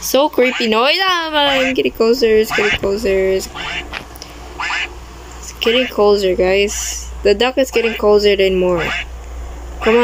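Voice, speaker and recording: A woman's voice: on the high side, unhurried, pauses often, slight background noise, poor audio. A young woman commenting on her own gameplay, easily startled, with frequent exclamations and non-native English grammar. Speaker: gaming video creator.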